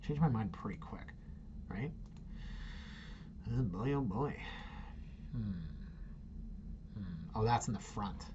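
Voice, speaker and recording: A man's voice: lowish voice, animated, takes it slowly, long pauses, highs cut off, noisy background. A middle-aged man, hosting a casual, opinionated commentary on real estate listings with sarcastic, muttered asides. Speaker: real estate agent host.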